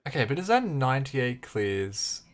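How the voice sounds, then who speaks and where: A man co-hosting a casual gaming podcast, calmly explaining game stats with dry little asides. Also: mid-range voice, moderate pace. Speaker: podcast co-host. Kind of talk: casual chat.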